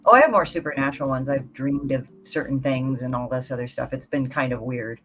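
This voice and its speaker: A guest on a podcast panel chatting casually and recounting stories in an animated way. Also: mid-range voice, a little fast, faint music behind.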